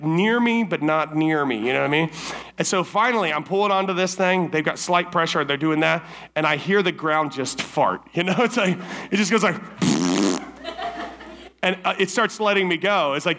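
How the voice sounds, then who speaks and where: A man speaking to teens at a summer camp service, telling a story in a casual, animated way and acting out his own lines. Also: sits high. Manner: casual, many fillers like "like" and "right?".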